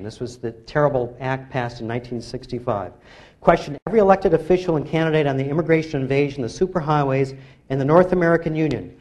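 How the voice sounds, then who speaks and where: A man speaking as an author at a public lecture, his voice sitting a little higher than most men's. He talks in an emphatic, rallying way and keeps urging the audience to act. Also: a little mellow. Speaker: author giving a public talk.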